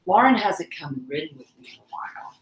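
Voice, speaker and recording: A woman's voice: on the low side, very animated, fast, a little hiss or hum. Bubbly scatterbrained young woman host. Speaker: livestream host. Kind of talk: casual chat. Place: home room while cleaning tack. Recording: echoey room.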